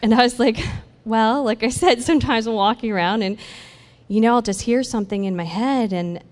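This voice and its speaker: A woman sharing a personal faith testimony in an animated storytelling way, acting out the conversations she describes. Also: fairly high pitch, fairly quick. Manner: animated storytelling that acts out dialogue, with laughs. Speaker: church speaker sharing a testimony. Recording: long hall reverb.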